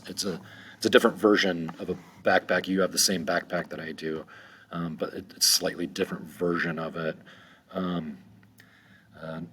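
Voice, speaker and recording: A man teaching a vocabulary lesson in one unedited take, slow and deliberate with frequent ums and restarts. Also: low-pitched, a bit bright, a little hiss or hum.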